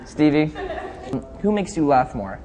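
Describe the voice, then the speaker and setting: A relaxed young man of middle pitch answers fan questions in a chatty, easygoing way, often laughing between thoughts. His voice carries a long reverb tail, and faint noise hums underneath. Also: fairly quick. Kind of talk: casual live video chat.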